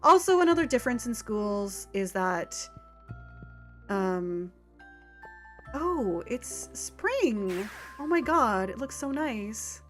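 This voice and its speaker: Fairly high-pitched with big swings in her intonation, a Canadian woman chats her way through a farming game stream. She rambles, uses lots of fillers, and laughs quickly and often, with faint game music behind her.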